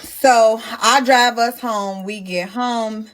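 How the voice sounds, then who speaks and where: Blunt, animated young woman telling a story. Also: on the high side, slow pace. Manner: animated, blunt, swears freely, addresses viewers as y'all. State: pregnant. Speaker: storytime host. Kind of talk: casual storytime chat.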